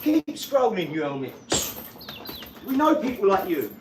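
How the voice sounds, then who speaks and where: A loud, swaggering man, his voice sitting a little high as he rails and mocks on a live stream. There's a faint background hum from the garage he's broadcasting from. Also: very animated, unhurried. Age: 40s. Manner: combative, loud and mocking; swaggering street slang. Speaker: livestream host. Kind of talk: ranting live stream chat.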